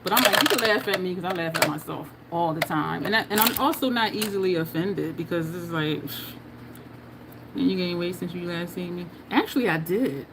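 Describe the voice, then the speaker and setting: On a livestream, a New Jersey woman with a New Jersey and New York accent does her makeup, chats casually with viewers, and laughs a lot. Her voice is lowish and her pace moderate, with background noise behind her.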